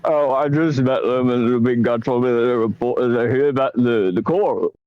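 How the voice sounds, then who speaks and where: A man playing a tabletop game, speaking in a hesitant, halting way. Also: mid-range voice, clear, resonant tone, no echo, narrow, tinny audio. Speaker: player. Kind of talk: casual tabletop play.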